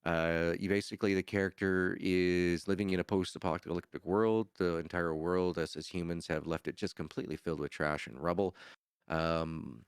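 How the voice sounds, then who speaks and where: A man's voice: deep voice, fairly even intonation, moderate pace, clean tone, no room sound, studio quality. A man chatting casually as a podcast guest, rambling and laughing often. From Canada. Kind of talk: casual chat.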